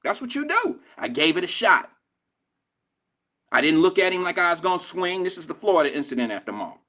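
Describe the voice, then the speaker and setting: Older male radio host, slightly high voice, loose profane street-slang monologue. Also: lively intonation, fairly quick, bright, forceful tone. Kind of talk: casual talk radio monologue.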